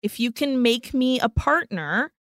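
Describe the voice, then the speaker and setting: A woman's voice: a little high, lively intonation, measured pace, fairly bright tone, no echo, studio quality. A woman voicing a laid-back male monster who asks for a mate in slangy, casual bro talk. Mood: pleading.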